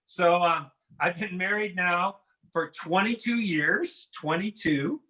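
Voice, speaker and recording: A middle-aged man performs a stand-up set from his home, talking to the audience over a video call. His voice sits high and sounds bright and forward. He tells his jokes in a loose, chatty, self-deprecating way. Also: slow pace. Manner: conversational, self-deprecating joke delivery. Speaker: stand-up comedian. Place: home in a house.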